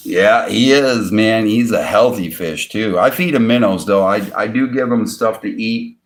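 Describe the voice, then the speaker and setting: Excitable slow-talking man with a low voice. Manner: excitable, coos at his pet fish in sudden high bursts; chuckles often between remarks. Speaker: fishing channel host. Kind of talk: casual livestream chat.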